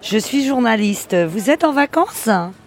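A woman voicing a brisk, guarded French journalist in a scripted language-lesson dialogue. She runs her words together and leans on the final syllables in a southern French accent, with a fairly high voice. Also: animated.

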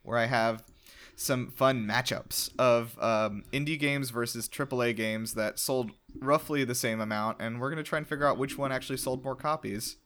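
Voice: mid-range voice, normal speed, fairly bright tone. A podcast host talking casually and leading a game segment, with loose, rambling phrasing. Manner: loose, hesitant, lots of fillers.

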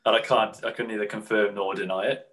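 Brief: male podcast co-host, lively storyteller, drops into quick impressions. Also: lowish voice, low-quality recording. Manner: animated storyteller, mimics people in quick put-on quotes. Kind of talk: casual chat.

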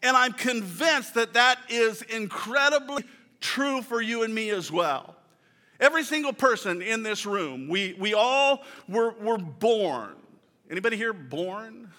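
Bright-voiced pastor preaching in a hall. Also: male voice, extremely high pitch, animated. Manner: conversational, joking with congregation, emphatic slow quotes. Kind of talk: sermon. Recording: reverberant hall sound.

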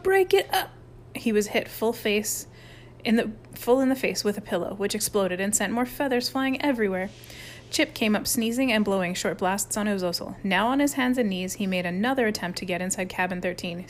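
A woman's voice: medium pitch, a little hiss or hum. A woman narrating a children's chapter book aloud, reading expressively. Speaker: audiobook reader. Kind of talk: storybook narration.

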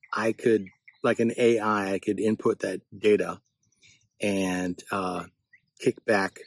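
A man shares writing advice outdoors in a loose, reflective monologue, drifting from thought to thought. His voice is husky and sits fairly low, and the sound is dry and close with little room echo. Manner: reflective, meandering. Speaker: writer giving writing tips. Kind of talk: casual spoken monologue. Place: outdoors, not in a studio.

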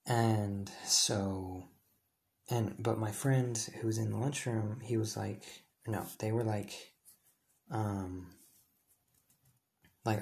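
Young man, low-ish voice, gravelly fry, casual storytime, rambling, lots of fillers, frequent self-corrections. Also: steady tone, moderate pace, a little mellow. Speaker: high school student telling a personal story.

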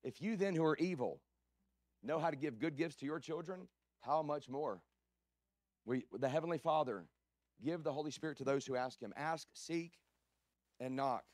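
A male pastor preaching a sermon, swinging from loud preaching to hushed storytelling and often clearing his throat. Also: a little high, moderate pace, pauses often, no echo. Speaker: guest pastor.

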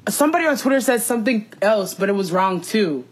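A woman's voice: mid-range voice, animated, fast talker. A young woman co-hosting a podcast in casual chat, giggly and slangy, talking animatedly. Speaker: podcast co-host.

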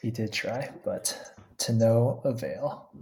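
A co-host recapping an anime episode in easygoing conversation. The voice is mellow and dark-toned, unhurried and relaxed, with soft laughs. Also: mid-range voice. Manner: relaxed, laid-back, laughs softly. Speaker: podcast co-host. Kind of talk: casual anime episode discussion.

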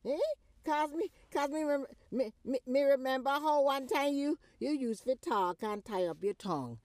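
Woman playing a loud scolding Jamaican mother. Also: high voice, moderate pace, no room sound, close to an everyday voice. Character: scolding Jamaican mother mocking her posh daughter. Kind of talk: comedy skit.

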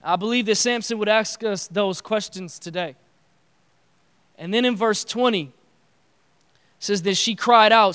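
A man preaching a casual, slangy sermon in a church, animated and acting out quotes. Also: high voice, measured pace, long pauses, clean tone.

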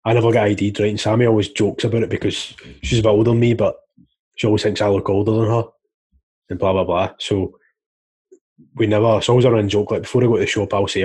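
A Scottish man in a casual podcast chat, swearing easily as he tells his stories. His voice is low and rough around the edges. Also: little pitch movement, quick pace, darkish tone. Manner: chatty storyteller, swears freely.

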